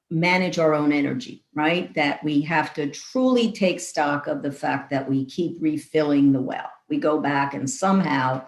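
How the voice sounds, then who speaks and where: A woman guest in an interview who answers in a thoughtful, measured way and builds long lists of ideas. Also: low voice. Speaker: guest leader. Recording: echoey room.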